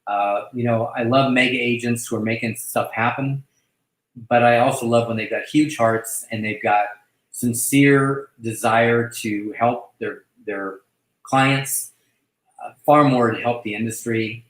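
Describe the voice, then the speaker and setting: A man hosting a casual online chat who talks effusively, halting often to restart his sentences. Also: medium pitch, fairly even intonation, roomy sound, low-quality recording. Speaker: host welcoming a new agent.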